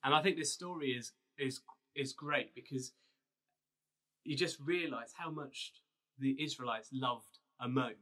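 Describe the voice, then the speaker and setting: A man's voice: mid-range voice, measured pace, bright, forceful tone. A man, a pastor telling a Bible story as a casual, conversational sermon. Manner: storytelling, conversational with restarts and fillers.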